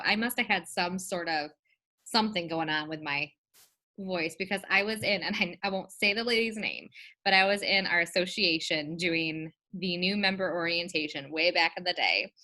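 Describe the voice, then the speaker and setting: Bright-voiced chatty woman laughing often. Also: medium pitch, normal speed. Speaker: podcast co-host. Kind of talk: casual chat.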